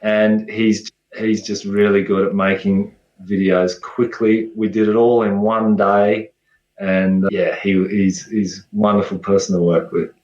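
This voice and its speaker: Aussie guy, lowish voice, friendly guest, echoey dull remote audio. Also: level tone, measured pace, a little mellow. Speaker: guest researcher. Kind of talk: casual interview.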